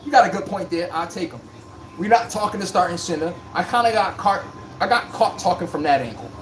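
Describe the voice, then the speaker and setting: A man's voice: sits high, animated, a little fast, a little hiss or hum. A man hosting a live sports stream, talking in a joking, rambling, slangy way. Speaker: livestream sports podcast host. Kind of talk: casual live-stream chat.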